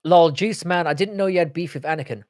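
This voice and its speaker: A man's voice: on the high side, fast, a little mellow, dry recording, clean studio sound. Casual man chatting on a live stream. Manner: banter, reads and answers chat comments, swears. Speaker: livestream host.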